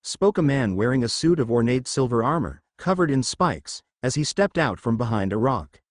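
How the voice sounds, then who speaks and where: A man's voice: mid-range voice, animated, normal speed, no room sound. Man narrating a story in a dry sound. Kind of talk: storybook reading of fan fiction.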